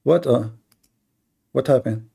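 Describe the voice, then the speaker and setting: A man's voice: mid-range voice, slow pace, gravelly, mellow, breathy edge. A man hosting a live call-in debate, sarcastic, mocking and combative. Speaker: host of a live debate stream.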